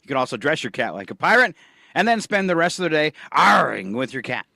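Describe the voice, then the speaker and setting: A man's voice: a little high, very animated, quick pace, creaky, bright, forceful tone, no room sound, studio quality. A man co-hosting a radio morning show, chatty and playful as he reads items aloud. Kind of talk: casual radio banter. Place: radio studio. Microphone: studio microphone.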